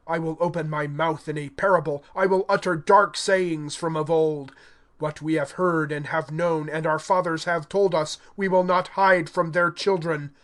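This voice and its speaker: A man's voice: sits high, fairly bright tone. Solemn man reading scripture aloud. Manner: measured, solemn recitation. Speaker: scripture reader.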